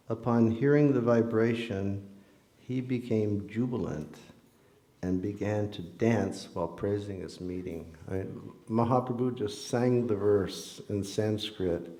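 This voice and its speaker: A man's voice: on the low side, warm tone. A man giving a temple sermon, telling a personal story and acting out the voices of the people in it. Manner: storytelling, acting out quoted dialogue. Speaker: temple lecturer. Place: temple hall. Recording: echoey hall.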